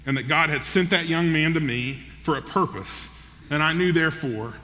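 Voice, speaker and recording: A man voicing an elderly devout grandmother, soft, steady and firm, heard in a large reverberant hall. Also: a little high, moderate pace, slight background noise. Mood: gentle.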